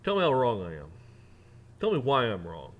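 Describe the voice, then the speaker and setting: A man delivering a heated opinion rant, mocking officials in sarcastic put-on voices and building up to near shouting. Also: mid-range voice, huge pitch swings, moderate pace, dull audio. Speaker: rant channel host.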